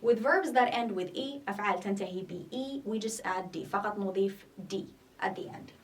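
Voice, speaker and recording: A woman's voice: medium pitch, fast, far from the mic, slight background noise. A woman teaching an English grammar lesson, explaining patiently, repeating each point and checking in with "okay?". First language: not Arabic.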